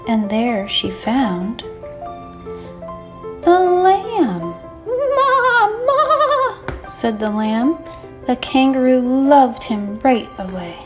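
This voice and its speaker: A woman teacher reading a children's picture book aloud, expressive and animated. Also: fairly high pitch. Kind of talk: children's storybook read-aloud.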